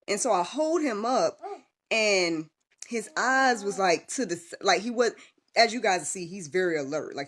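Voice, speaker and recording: A woman's voice: fairly low pitch, a bit bright. A young woman telling a personal story in a casual livestream, chatty and full of fillers and restarts. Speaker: vlogger and podcast host.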